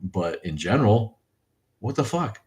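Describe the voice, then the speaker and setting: Reading viewer comments on his casual livestream, this middle-aged host rambles, swears, rants, and thanks his viewers. He speaks unhurriedly in a fairly low, sing-song voice with a darkish tone.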